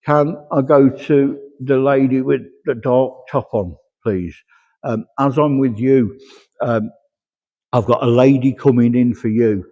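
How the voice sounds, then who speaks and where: Man, medium, chatty message-relaying, husky, dark tone, echoey hall. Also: mid-range voice, a little slow. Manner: chatty relaying of spirit messages, repeated "he says". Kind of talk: platform mediumship demonstration. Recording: echoey hall, dull lo-fi sound.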